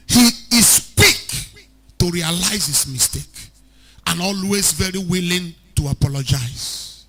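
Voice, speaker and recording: A man preaching an animated sermon as a pastor, rising to shouts at times. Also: high voice, slow. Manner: animated preaching, shouting at peaks, mixing in Pidgin.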